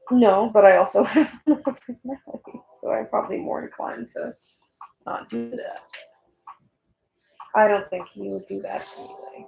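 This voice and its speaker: Gravelly-voiced woman rambling while she draws. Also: mid-range voice, dark tone, roomy sound, poor audio. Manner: rambling, swears casually, gets heated. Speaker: artist vlogger. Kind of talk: casual chat while drawing.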